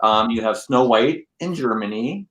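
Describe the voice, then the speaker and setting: Excitable man in an echoey room. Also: mid-range voice, unhurried. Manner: excitable, enthusiastic. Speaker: podcast co-host. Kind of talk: casual podcast chat. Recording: roomy echo.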